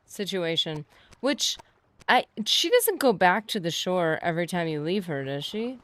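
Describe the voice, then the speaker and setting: A woman's voice: fairly low pitch, very animated, measured pace, a little hiss or hum. Chatty woman streaming a game live. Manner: chatty, playful, talks to viewers. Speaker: gaming streamer. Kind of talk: casual live gameplay commentary.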